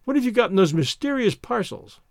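A man's voice: high-pitched, big pitch swings, a little fast, no echo, studio quality, voice pushed up. A man voicing an earnest, anxious young husband.

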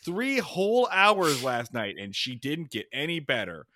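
A man co-hosting a casual podcast chat, recapping a TV episode in a lively, swearing way. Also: a little high, unhurried. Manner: animated, swearing, recapping scenes. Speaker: podcast co-host.

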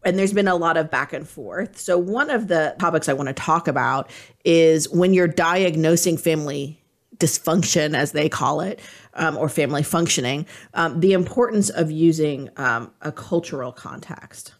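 A woman co-hosting a podcast, talking in a chatty, playful way with animated asides. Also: deep voice, normal speed. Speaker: podcast co-host. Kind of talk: casual podcast chat.

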